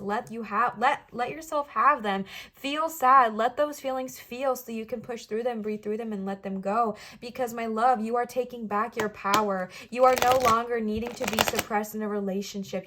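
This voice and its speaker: A woman's voice: medium pitch, fairly bright tone, slight background noise. A young woman giving an emotional, encouraging tarot reading, speaking straight to her viewers. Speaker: tarot reader.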